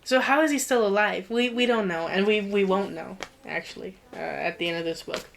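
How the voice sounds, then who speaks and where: Brief: woman co-host, casual book chat, rapid profane recap, mid-pitched. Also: creaky, slight background noise. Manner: rapid, profane plot recap with animated asides. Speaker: podcast co-host.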